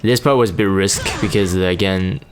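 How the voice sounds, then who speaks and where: A man's voice: deep voice, moderate pace, music in the background. A man giving casual, rambling commentary over a replay of his own game, sleepy from just waking up, with many fillers and restarts.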